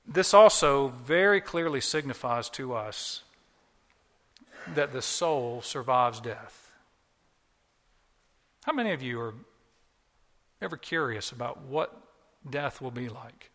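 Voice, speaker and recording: Emphatic preacher with a bright voice. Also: male voice, mid-range voice, expressive, slow, pauses often, long reverb tail. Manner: earnest, emphatic preaching with repetitions. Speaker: pastor. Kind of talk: sermon. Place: church.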